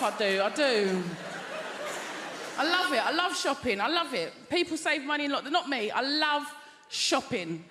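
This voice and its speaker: An English woman in her thirties doing stand-up comedy in a chatty, confiding way, full of tag questions. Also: sits high. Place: large theatre stage. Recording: echoey theatre with loud crowd noise.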